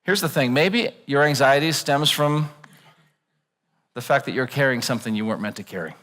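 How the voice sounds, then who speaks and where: A man preaching a sermon in a church, animated and joking, acting out worried voices. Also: mid-range voice, a little fast, big-room sound. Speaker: pastor. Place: church auditorium.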